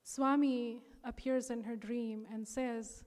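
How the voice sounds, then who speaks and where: A woman's voice: fairly high pitch, fairly even intonation, measured pace. A young woman telling a personal testimony at a devotional gathering, earnest and emotional, with many fillers. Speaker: speaker sharing a personal testimony. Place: large hall. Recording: hall reverb.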